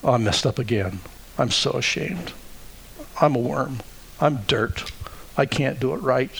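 A man voicing a defeated, self-loathing believer who speaks quietly and stammers. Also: medium pitch, animated, unhurried, creaky, a little hiss or hum, poor audio. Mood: ashamed.

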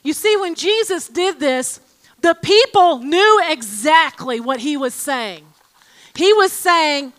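A woman giving an informal Bible teaching, reading aloud from scripture and a commentary with emphatic, expressive delivery. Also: high voice, slow pace.

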